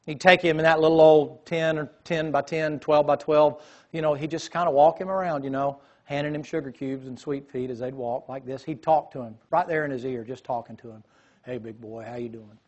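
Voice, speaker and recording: A man telling a lively story in a sermon, acting out the voices of the people in it. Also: a little high, a little fast, lo-fi sound. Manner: animated storyteller, quotes voices.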